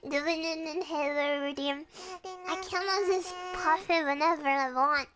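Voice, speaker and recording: A woman's voice: sits high, slow pace, music in the background. A young woman chatting casually and playfully with her viewers on a stream from her room. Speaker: VTuber streamer.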